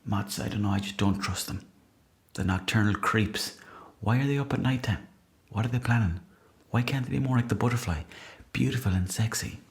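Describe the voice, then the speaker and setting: A low-pitched Irish man who hosts a comedy podcast. He reads listener messages with dry, deadpan timing, swears freely, and slips into mock outrage. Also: normal speed. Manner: deadpan, profane, mock-indignant. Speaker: podcast host. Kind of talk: comic monologue reading listener messages.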